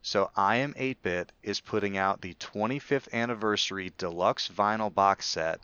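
A man's voice: on the low side, moderate pace, bright, forceful tone, smooth, dry recording, muffled recording. A man in casual podcast chat, talkative and rambling with many restarts. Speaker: podcast co-host.

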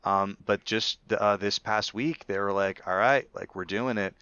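Low smooth-voiced guy rambling on a podcast, lots of restarts, bit muffled and dry. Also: unhurried, sharp tone, dry recording. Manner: chatty, rambling with many restarts. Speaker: podcast co-host. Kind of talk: casual chat.

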